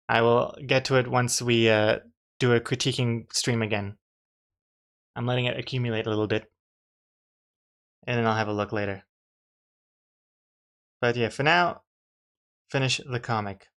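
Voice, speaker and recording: A man's voice: medium pitch, a bit bright. A man, a comic artist, chatting casually to his live-stream viewers while drawing, rambling and restarting his sentences with dry jokes.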